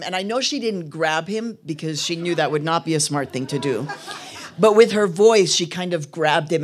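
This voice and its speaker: A woman in her fifties, from Mexico City and raised in Chicago, giving a keynote speech at an arts venue in a lively storytelling way, with frequent fillers. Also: low voice, moderate pace. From born in Mexico City, grew up in Chicago. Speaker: keynote speaker. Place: arts venue event with a live audience.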